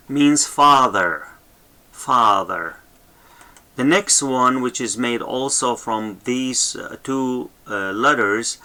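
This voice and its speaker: A man teaching a language lesson, saying each sound slowly and more than once, with many fillers and checks of "okay?". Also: mid-range voice, pushed and bright. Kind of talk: slow instructional lesson.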